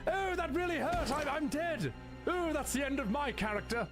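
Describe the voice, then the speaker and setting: A man's voice: very high-pitched, animated, moderate pace, music in the background, pitched above the performer's own voice. A man voicing a panicky, easily frightened character in a video game, yelping his lines. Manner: yelping, flustered.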